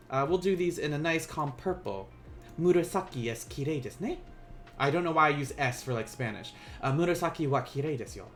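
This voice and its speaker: A man teaching a casual live-streamed Japanese lesson, joking with viewers and slowing down to pronounce each word. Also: a little high, a bit bright. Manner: playful, laughs and teases chat viewers; slows down to pronounce Japanese words.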